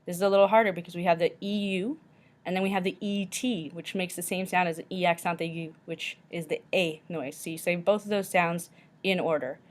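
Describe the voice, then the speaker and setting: A woman teacher slowly walking through a pronunciation lesson, repeating each word carefully. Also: on the low side, steady tone.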